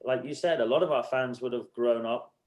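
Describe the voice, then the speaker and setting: A man's voice: medium pitch, a little fast, muffled recording. Man animatedly telling stories. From United Arab Emirates. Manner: animated storyteller, acts out quotes, swears freely. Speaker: musician guest. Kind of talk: casual podcast interview.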